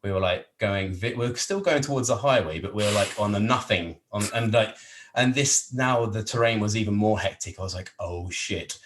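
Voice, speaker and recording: An English man, a podcast guest, telling a long travel anecdote in a casual, animated, rambling way with frequent laughs. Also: fairly low pitch, brisk, a little hiss or hum. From England.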